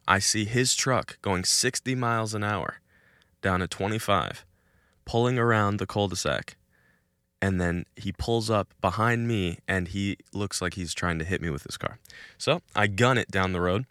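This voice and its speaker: A young man hosting a podcast, recording outdoors, telling a story in a casual and animated way and laughing between lines. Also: fairly low pitch, moderate pace, no room sound, clean studio sound. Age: young adult. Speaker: podcast host. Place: outdoors in a cul-de-sac.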